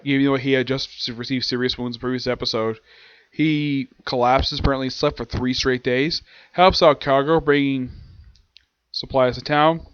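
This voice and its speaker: A man giving a casual, rambling episode recap and review, often restarting sentences and dropping into quick quoted lines. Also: medium pitch, a bit bright, no echo, lo-fi sound. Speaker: anime reviewer.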